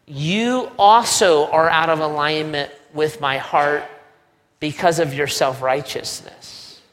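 A man voicing a patient, loving father who speaks gently but firmly, with long hall reverb. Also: fairly high pitch, slow, a little hiss or hum. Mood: gentle. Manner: calm, gentle, firm.

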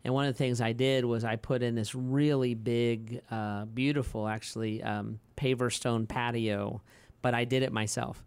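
A man in his forties with a smooth, resonant voice talks on a casual podcast like a pastor working through ideas, rambling through stories with many fillers and restarts and laughing easily. His pitch is ordinary and his tone level at normal speed, sounding dry and close with no room sound.

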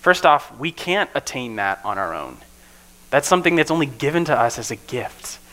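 A man's voice: mid-range voice, sing-song, moderate pace, pushed and bright, low-quality recording. A man preaching a casual, conversational sermon to a group, often checking in with his listeners. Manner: keeps checking in with listeners with "right?".

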